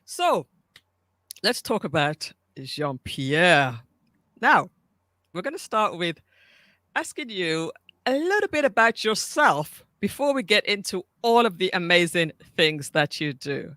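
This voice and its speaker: A woman's voice: fairly low pitch, very animated, slow pace, fairly bright tone, dry recording. A woman hosting a live-stream interview, effusive and welcoming, often repeating her words as she speaks. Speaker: host.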